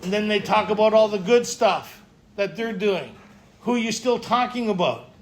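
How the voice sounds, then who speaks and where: Faint room noise and ambience surround a man whose voice sits high, talking at normal speed. He's a recovery speaker at a men's retreat, chatting casually with the group and frequently checking in with them.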